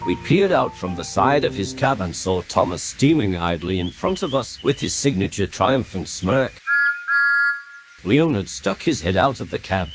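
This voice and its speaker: Low-voiced man narrating over loud music. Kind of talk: first-person story narration.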